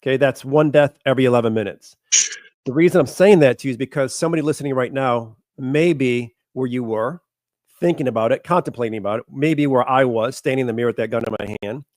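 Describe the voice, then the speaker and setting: A man's voice: mid-range voice, fast talker, darkish tone, dry recording. Direct male podcast host in a dry room. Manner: direct, probing questions. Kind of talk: interview podcast.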